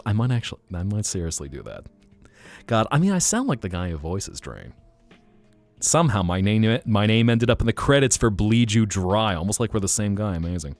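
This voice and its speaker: Playful, animated male streamer. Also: on the low side, dry recording. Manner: playful, jumping between joke accents and laughing. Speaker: livestream host. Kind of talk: casual chat.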